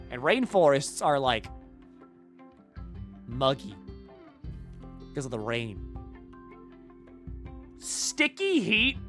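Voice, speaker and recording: A man's voice: medium pitch, a bit bright. A man streaming a colony game live, chatting casually with his viewers, answering their questions and swearing freely. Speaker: gaming streamer.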